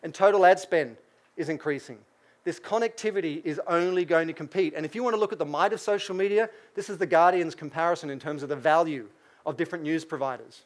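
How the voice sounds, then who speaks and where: A middle-aged Australian man giving a business keynote lecture, lively, asking the audience questions. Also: a little high, fast talker. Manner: lively, asks the audience questions, acts out quotes. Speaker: keynote speaker.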